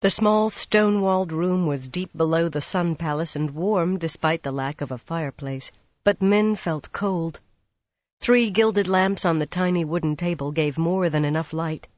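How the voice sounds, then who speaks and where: A woman reading a fantasy audiobook in a calm, even manner. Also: fairly low pitch, moderate pace, dry recording, highs cut off. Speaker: audiobook narrator. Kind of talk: scripted fantasy narration.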